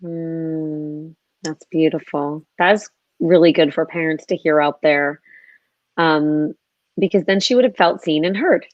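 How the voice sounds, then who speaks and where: Soft-spoken woman host, dull dry audio. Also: low voice, measured pace, no room sound. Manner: soft, affirming listener. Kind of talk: interview.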